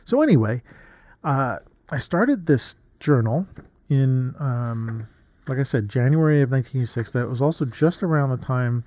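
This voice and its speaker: A slightly mellow mid-range voice comes from a photographer in his fifties reading an old journal. He rambles casually and reflectively, often restarting and tossing in asides.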